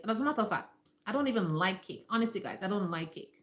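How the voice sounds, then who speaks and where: Woman, live-stream health talk, emphatic, repetitive, talks to viewers, bright voice, echoey room. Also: a little high, expressive, quick pace. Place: home room.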